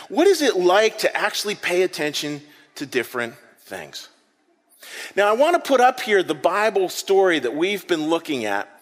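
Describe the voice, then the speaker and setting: A man preaching a sermon to his congregation, telling a story with lively acted-out moments. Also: high-pitched, big-room sound. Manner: animated storytelling preacher, acts out scenes. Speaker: pastor. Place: church hall with an audience.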